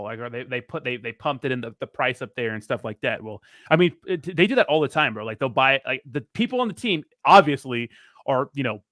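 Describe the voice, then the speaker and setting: A man's voice: mid-range voice, fairly bright tone, no echo, clean studio sound. A man in casual podcast chat, brash and emphatic, swearing freely.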